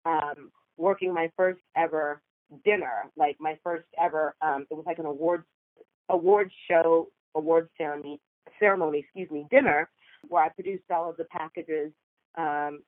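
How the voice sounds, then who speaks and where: A woman's voice: sits low, fairly even intonation, normal speed, no echo. A woman from Seattle, a TV producer, talking as a podcast guest in a chatty way with many ums and self-corrections. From Seattle, USA. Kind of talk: podcast interview. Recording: tinny phone line.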